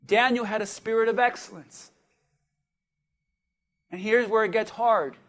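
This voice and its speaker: A man with a strikingly high voice preaches a sermon from the pulpit. He pulls the congregation into call-and-response and swings between hushed asides and shouted peaks. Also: measured pace. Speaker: pastor.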